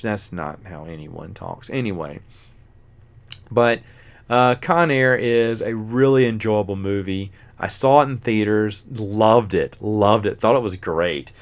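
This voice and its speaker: A man's voice: lowish voice, a little slow. A man, casually reviewing movies as a host, rambling and often forgetting names.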